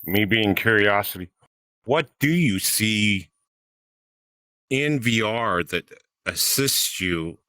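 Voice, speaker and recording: A man's voice: fairly low pitch, expressive, slow pace, pauses often, sharp tone, no echo. A man co-hosting a podcast in casual chat, rambling and stumbling over his questions. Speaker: podcast co-host.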